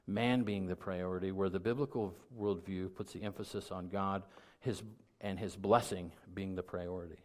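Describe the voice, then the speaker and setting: A middle-aged man preaching a sermon as pastor, talking conversationally and building to loud, emphatic peaks. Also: lowish voice.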